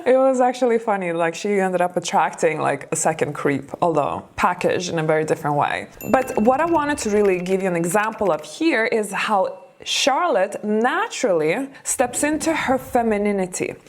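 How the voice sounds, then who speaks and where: A woman's voice: mid-range voice, very animated, moderate pace. A woman dating coach giving chatty, encouraging commentary on TV clips, laughing often.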